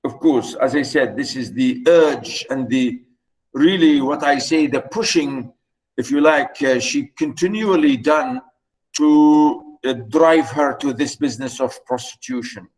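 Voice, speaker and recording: A man's voice: mid-range voice, a little slow, a little mellow, poor audio. A man lecturing on a novel, explaining passages and repeating his points with many fillers. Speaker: literature lecturer.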